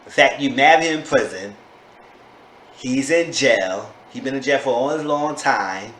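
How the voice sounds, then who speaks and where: A man giving a casual, gossipy recap of a reality show episode. He sometimes breaks into sudden high-pitched disbelief. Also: unhurried, a bit bright. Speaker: TV show reviewer. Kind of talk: casual chatty recap vlog. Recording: echoey room with faint background noise.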